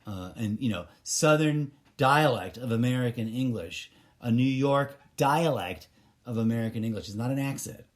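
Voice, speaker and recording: A man's voice: mid-range voice, animated, normal speed. Rambling opinionated man podcasting solo. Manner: rambling, opinionated, many fillers and restarts. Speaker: podcast host. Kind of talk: casual solo podcast monologue.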